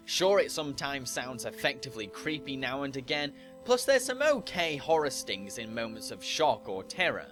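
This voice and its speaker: A man's voice: a little high, a bit bright. A man narrating a scripted review, opinionated and critical. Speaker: anime reviewer.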